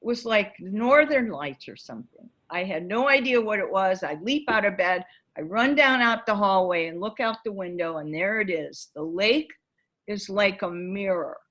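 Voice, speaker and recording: A woman's voice: medium pitch, normal speed, dull audio. A woman facilitating a spiritual gathering, telling a vivid story about her own life and acting out its scenes as she goes. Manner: vivid, animated storyteller who acts out scenes. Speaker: workshop facilitator and author.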